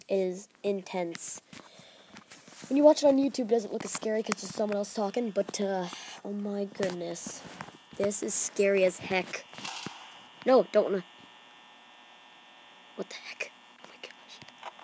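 A woman's voice: medium pitch, normal speed, pauses often, noisy background. A woman hosting a horror game let's play, jumpy and exclaiming, often dropping to whispers. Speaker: gaming channel host.

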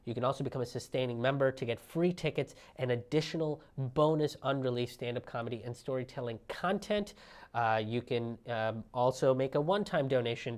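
Sarcastic male comedian host. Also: medium pitch. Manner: sarcastic, laughs at own jokes; self-promoting sign-off read. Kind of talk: comedic political commentary.

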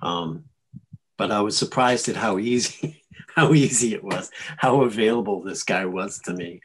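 A male actor telling stories in a casual interview, animated and chuckling, often restarting his sentences. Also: fairly low pitch, moderate pace, a little hiss or hum. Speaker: actor guest.

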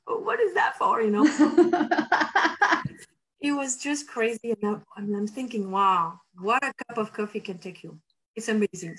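A woman hosting a casual chat, telling a story in a lively way and acting out what people said. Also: mid-range voice, rough recording. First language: French. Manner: animated, acts out quotes with laughs. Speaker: host.

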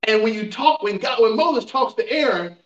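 This pastor's very high, slightly bright voice is animated and moves at normal speed. He preaches emphatically to his congregation during a Bible class, using call-and-response and rhetorical questions. Recorded in a church sanctuary, the audio is roomy and dull from a far-off microphone.

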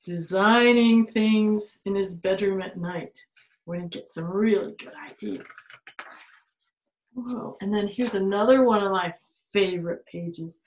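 Her voice mid-range, a woman who does storytime and teaches art at a children's museum reads a picture book to children and guides them through drawing. She's lively, exclaiming and laughing at the pictures. The recording comes from a phone or tablet camera, with echoey room sound.

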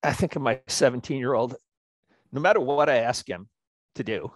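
A man's voice: mid-range voice, lively intonation, moderate pace, no room sound. A middle-aged man, a professor co-hosting a podcast over a video call, chatting about scripture with dry, self-deprecating humor. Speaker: seminary professor, podcast co-host. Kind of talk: casual discussion of scripture.

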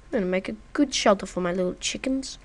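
A woman's voice: mid-range voice, quick pace. Woman, casual gameplay commentator, chatty and playful. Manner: chatty and playful, talking to the viewer. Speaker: gaming video creator. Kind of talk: casual let's-play commentary.

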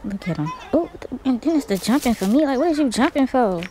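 A woman giving live commentary on a horror game, excitable and cursing, yelling when frightened. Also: high voice, quick pace. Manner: talks to herself and the viewers. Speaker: gaming video host. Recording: clear music playing behind.

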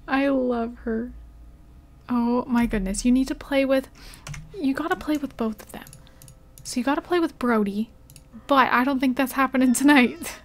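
A young woman hosts casual let's play commentary in a slightly high voice. She reacts with quick exclamations and talks straight to the characters on her screen, urging and comforting them as she plays. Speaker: gaming channel host.

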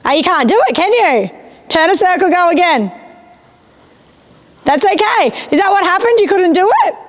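A woman's voice: very high-pitched, expressive, moderate pace. A woman instructing a rider in a riding arena, encouraging and often checking that she understands. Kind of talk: live coaching of a rider.

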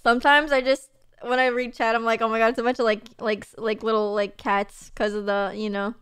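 A woman's voice: on the high side, level tone, a little fast, a bit bright, clean tone. A young woman streaming, chatting casually and reading messages, bubbly and gushing with lots of fillers and laughs.

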